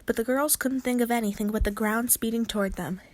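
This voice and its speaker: A woman's voice: on the high side, a little fast, noisy background. Woman reading a children's storybook. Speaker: narrator. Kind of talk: children's book read-aloud.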